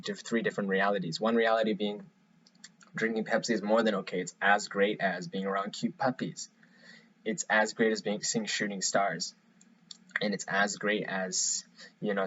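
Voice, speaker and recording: A young man giving a class presentation, explaining in a halting, rambling way. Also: fairly low pitch. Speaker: student presenter. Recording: dull lo-fi recording.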